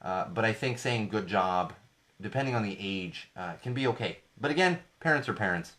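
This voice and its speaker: A man's voice: on the low side, expressive, normal speed, fairly bright tone. A young man hosting a podcast, talking casually about parenting with emphatic repetition and frequent fillers. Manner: emphatic, repeats points, many fillers and restarts. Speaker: podcast host.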